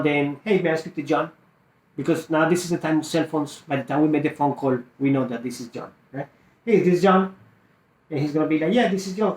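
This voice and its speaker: Male sales coach, higher-pitched voice, acts out both ends of calls, roomy echo. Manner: acts out both sides of a phone call, lively and emphatic. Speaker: real estate wholesaling coach. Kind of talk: teaching a sales call script.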